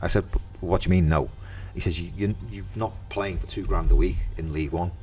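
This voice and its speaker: A middle-aged man with a Merseyside accent, a podcast guest in casual chat, telling lively anecdotes and acting out the dialogue. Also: sits low, a little fast, breathy edge, faint music behind. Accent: Merseyside English. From Merseyside, England.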